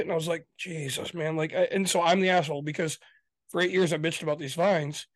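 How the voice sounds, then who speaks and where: A man's voice: fairly high pitch, a little fast, no echo. A man with a Michigan accent, co-hosting a podcast in casual chat, exasperated and swearing a lot as he rants, laughing often. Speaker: podcast co-host.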